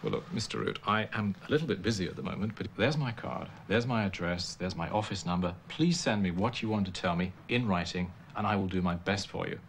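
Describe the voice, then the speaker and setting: Brief: a smooth, measured official, slightly low voice, faint hiss behind. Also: male voice. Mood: firm. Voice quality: measured, polite but firm. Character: smooth male European official, businesslike. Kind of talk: TV comedy acting.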